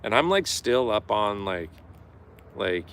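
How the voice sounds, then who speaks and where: A man's voice: fairly low pitch, takes it slowly, clean tone. A middle-aged man telling a story in a casual, profane live-stream rant. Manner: profane, animated, acts out yelling quotes.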